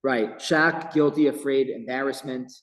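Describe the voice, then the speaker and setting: A man teaching a Torah class as a rabbi, telling the story with lively emphasis and quoting Hebrew verses. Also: mid-range voice, a little slow. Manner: animated storytelling with Hebrew quotes. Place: office. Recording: echoey room with long reverb.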